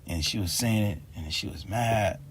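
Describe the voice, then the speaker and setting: A man's voice: lowish voice, normal speed, noisy background. A man telling a story in a rambling, slangy and exasperated way for a casual vlog. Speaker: vlogger.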